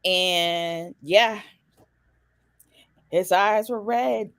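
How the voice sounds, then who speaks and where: A woman co-hosting a casual podcast chat, frank and quick to laugh. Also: medium pitch, a bit bright, clean tone, no echo. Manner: frank, laughs a lot, short backchannels. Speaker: podcast co-host.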